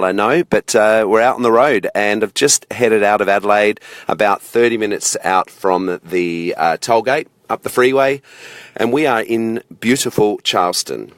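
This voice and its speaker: A man's voice: on the low side, dry recording, clean studio sound. An Australian man giving a casual roving report from a parked car, chatty and jokey and full of fillers. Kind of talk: casual on-the-road vlog report.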